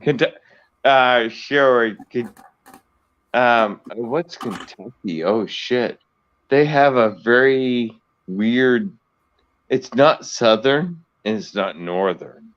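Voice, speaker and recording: A man from the US East Coast, near Boston, joining a live stream as a guest, talking in chatty, halting bursts full of restarts. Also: mid-range voice, fairly bright tone, dull audio. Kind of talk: casual live-stream chat.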